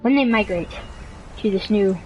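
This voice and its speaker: A woman narrating a mock nature documentary with deadpan, absurd humor. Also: medium pitch, moderate pace, highs cut off, faint music behind. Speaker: video creator.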